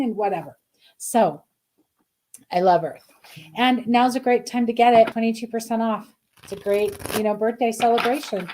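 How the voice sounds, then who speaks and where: Brief: middle-aged woman, mellow tone, gushing live-stream card reader. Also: a little high, moderate pace, slight background noise. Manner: effusive, chatty, reads viewer comments aloud. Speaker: spiritual card reader, host.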